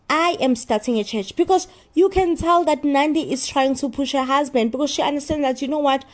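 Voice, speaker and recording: A woman giving an animated, opinionated recap of a reality show, often repeating herself in exasperation. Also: high voice. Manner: animated, repetitive, exasperated commentary.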